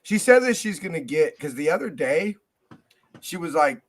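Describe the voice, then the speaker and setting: A man's voice: on the high side, very animated, moderate pace. Slangy, rambling podcast man. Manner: slangy, profane, rambling, lots of fillers. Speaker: podcast co-host. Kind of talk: casual sports podcast chat.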